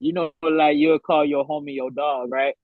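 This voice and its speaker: A man co-hosting a casual chat, telling stories in an animated way with slang. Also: a little high, normal speed, dry recording. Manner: animated storytelling with laughs. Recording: dull, dry close mic.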